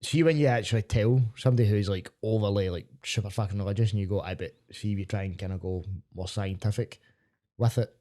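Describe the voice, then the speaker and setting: A Glaswegian man, a comedian guest on a podcast, bantering with quick jokes and plenty of swearing. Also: fairly low pitch, mellow. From Glasgow. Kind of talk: casual chat.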